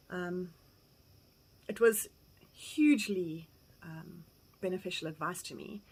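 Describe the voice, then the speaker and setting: A middle-aged South African woman giving candid, blunt advice, acting out quoted conversations with lively energy and casual swearing. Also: on the low side, takes it slowly, long pauses, slightly rough, low-quality recording. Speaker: farm vlogger. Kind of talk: candid personal advice talk.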